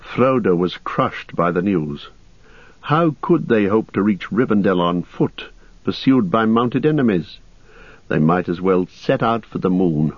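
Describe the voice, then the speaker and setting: Low-voiced man narrating a fantasy audiobook. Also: breathy edge, no room sound. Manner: steady, measured storytelling. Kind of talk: scripted narration. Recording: dull lo-fi dry recording.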